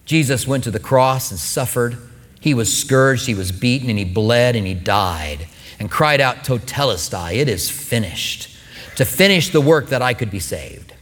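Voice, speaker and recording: A middle-aged man preaching a sermon with emphatic stresses and quiet asides. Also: mid-range voice, animated, moderate pace. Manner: emphatic, swings from loud stresses to soft asides. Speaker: pastor. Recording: long hall reverb.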